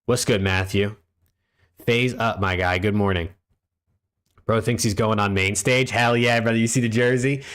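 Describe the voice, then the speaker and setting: A man's voice: on the low side, steady tone, moderate pace, long pauses, fairly bright tone, clean tone. A young man from the United States, hosting a live-stream watch party and chatting casually with his viewers, laid-back and profane, on a desk mic at home. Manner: laid-back, profane, talks to chat and reads out usernames.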